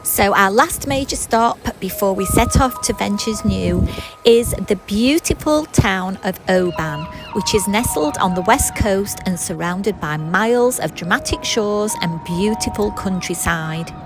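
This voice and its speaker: A woman's voice: medium pitch, animated, a little slow. A woman narrating a travel vlog in a chatty way, with frequent ums and apologies. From not Scottish. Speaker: travel vlogger. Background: background music.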